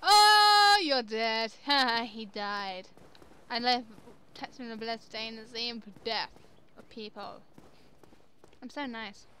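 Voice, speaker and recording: A young woman commenting chattily on her own gameplay, quick to exclaim and laugh. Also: on the high side, fairly even intonation, pushed and bright, a little hiss or hum. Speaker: gamer. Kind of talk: let's play commentary.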